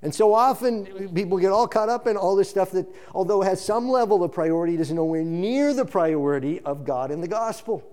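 A man preaching a sermon as pastor, earnest and emphatic, often restarting phrases and breaking into quick asides. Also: sits high, warm tone.

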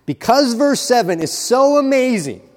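A man preaching a sermon, earnest and building to fervent emphasis, with halting restarts. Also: very high voice, very animated. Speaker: pastor. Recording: long hall reverb.

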